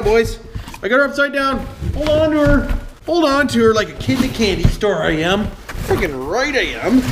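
A man from doing a casual unboxing review of a toy truck, folksy and full of repeated catchphrases, calling his viewers boys. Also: sits high. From Canada. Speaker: RC hobby reviewer. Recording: roomy sound with faint noise.

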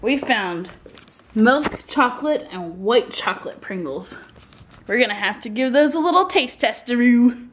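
A woman's voice: a little high, lively intonation, unhurried, a bit bright. Bubbly woman vlogging from her car. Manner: bubbly, giggly, sing-song asides. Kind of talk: casual vlog chat. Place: in a car, driving.

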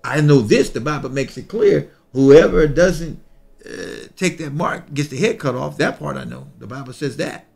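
Gravelly pastor teaching scripture. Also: male voice, on the high side, normal speed, a little mellow, faint music behind. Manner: reads scripture aloud, then explains in a folksy, repetitive way. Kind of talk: bible study teaching.

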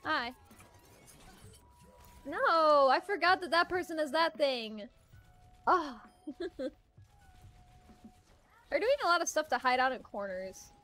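A woman's voice: high voice, expressive, takes it slowly, long pauses, bright, forceful tone, soft background music. A young woman chatting casually and rambling while streaming a video game, laughing often. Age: young adult. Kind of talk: casual gaming stream chat.

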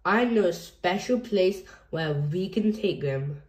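A woman's voice: lowish voice, lively intonation, slow, a little mellow. A woman doing a cheerful old granny pig. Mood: encouraging. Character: cheerful helpful grandmother pig. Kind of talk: storybook read-aloud.

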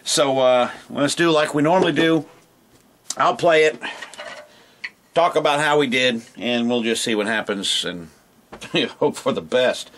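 Laid-back male drum teacher, rambling and self-deprecating, mid pitch. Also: measured pace, pauses often, fairly bright tone, slight background noise. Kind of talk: casual video lesson.

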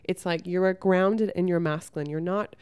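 A young woman talking frankly to camera, giving relationship advice and telling a story from her own life with lively acted-out quotes and some swearing. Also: fairly low pitch, normal speed, a little hiss or hum. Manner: frank and blunt, swears freely; lively storyteller who acts out the people she quotes. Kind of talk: casual advice monologue with storytelling.

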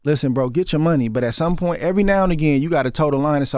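A man's voice: on the high side, very fast, a little mellow, clear, resonant tone, no echo. Earnest Oakland-accented man in a studio. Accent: Oakland, Bay Area. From Oakland, California. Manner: earnest, repeats words as he builds a thought. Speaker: guest, former boxer. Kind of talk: casual interview conversation. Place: radio studio. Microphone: studio microphone.

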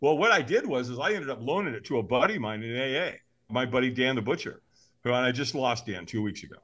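A man's voice: medium pitch, fast talker. A man, a podcast guest, telling a story with animation, acting out voices and laughing often. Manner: lively, acts out voices in his stories, laughs often.

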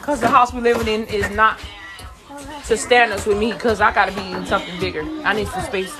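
A young woman live streaming from a busy family home on her phone, chatting casually and scolding her children loudly and bluntly. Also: mid-range voice, fairly even intonation, brisk, music in the background, a crowd in the background. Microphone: phone camera.

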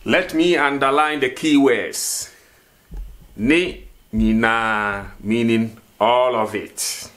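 A man's voice: medium pitch, fairly bright tone. A man teaching a vocabulary lesson, repeating each word and asking questions for the learner to answer. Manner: slow, repeats words and asks questions. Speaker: language teacher.

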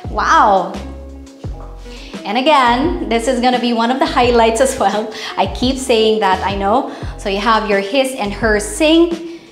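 A woman's voice: on the high side, moderate pace, faint music behind. Chatty Filipino woman giving a house tour. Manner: chatty and playful, joking with viewers, mixing in Tagalog. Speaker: real estate house tour host. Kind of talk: casual walkthrough tour. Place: inside a large house, walking room to room.

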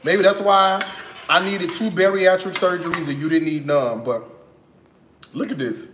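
A man's voice: high-pitched, steady tone, normal speed, fairly bright tone, reverberant, slight background noise. A man from Chicago, chatting playfully to viewers as he cooks in his kitchen. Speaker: home cooking vlogger. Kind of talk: casual cooking vlog chat.

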